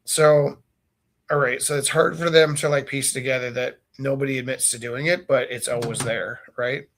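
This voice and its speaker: This man in his forties, an art teacher, paints while telling stories with loose, joking energy, acting out his students' voices. His voice is mid-range at a moderate pace, with a slight hiss or hum on the recording.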